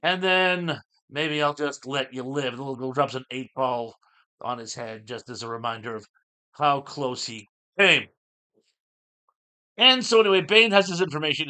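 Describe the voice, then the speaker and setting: A man's voice: medium pitch, pushed and bright. A middle-aged man hosting his show, recapping a comic in a rambling, casual way with lots of fillers. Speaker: show host.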